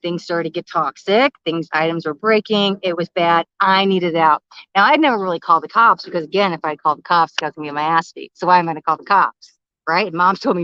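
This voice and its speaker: A woman talks to her livestream in a candid, emotional way, sharing her own story as a life coach. Her voice is bright and forward, heard close and dry. The audio is a little dull and lo-fi. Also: medium pitch, animated, brisk, no room sound. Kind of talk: livestream talk. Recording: slightly muffled, lo-fi livestream audio.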